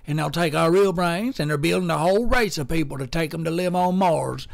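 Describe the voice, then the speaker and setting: A man's voice: fairly high pitch, creaky, voice pushed up. A man voicing a rambling Southern country man with a folksy drawl who rants about conspiracies. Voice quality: folksy drawl, tangent-prone rant.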